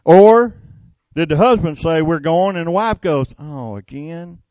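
Slow folksy older preacher man. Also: fairly high pitch, a little mellow, no echo. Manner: folksy, homespun preaching with rhetorical questions. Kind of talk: sermon.

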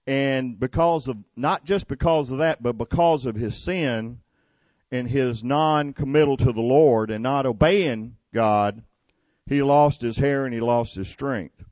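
A man's voice: medium pitch, a little slow, darkish tone, dry recording, highs cut off. A man preaching a sermon in a folksy, conversational way, retelling scripture and making plain asides.

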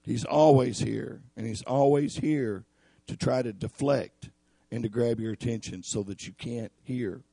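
A man with a raspy voice preaching a sermon in an earnest, emphatic way. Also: mid-range voice, fairly even intonation, measured pace, dark tone, no echo, clean studio sound. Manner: earnest, emphatic, addresses listeners as y'all.

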